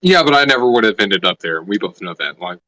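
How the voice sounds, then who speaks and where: A man's voice: fairly low pitch, big pitch swings, quick pace, bright, forceful tone, no echo, low-quality recording. A man playing his character in a tabletop game, joking and brash, swearing casually. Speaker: player.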